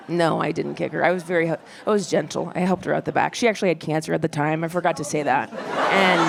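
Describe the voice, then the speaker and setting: A woman stand-up comedian telling a story in a wry, quick, self-deprecating way, on a club stage with a handheld mic. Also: on the low side, creaky. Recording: live club recording with crowd noise. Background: audience laughter.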